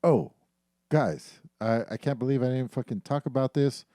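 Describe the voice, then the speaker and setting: A man's voice: mid-range voice, normal speed, mellow, no echo, studio quality. A man co-hosting a casual gaming podcast, talking loosely with lots of fillers and swearing. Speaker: podcast co-host.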